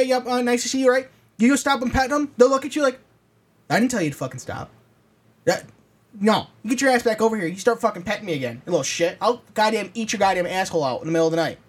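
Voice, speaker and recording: Podcast co-host, profane comic rant, casual chat, home voice-chat setup. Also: medium pitch.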